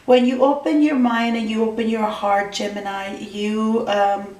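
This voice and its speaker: Woman tarot reader for a vlog, gushy and reassuring, mid pitch, echoey room, a little off mic. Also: level tone, a little slow, darkish tone, far from the mic. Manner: keeps addressing the viewer by star sign, gushing and reassuring. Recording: roomy, voice from off the mic.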